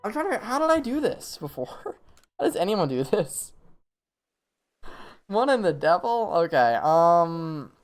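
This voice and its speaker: A man's voice: sits high, sing-song, measured pace, pauses often. Guy streaming a game, voice jumps all over, faint game music behind, talks to himself a lot. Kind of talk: live gameplay commentary.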